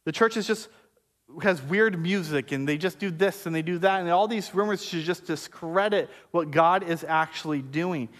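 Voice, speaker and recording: A male pastor delivers a sermon in a relaxed, conversational way, slipping in jokes and playful asides to the congregation. His speaking voice sits notably high for a man. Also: normal speed. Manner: conversational, joking preacher with asides. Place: church service before a congregation.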